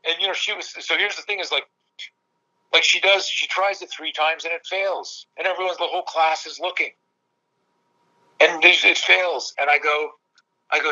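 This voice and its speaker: A man in his fifties, a self-defense coach telling stories in casual conversation, animated and profane, acting out quoted dialogue. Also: fairly high pitch, moderate pace, dull audio.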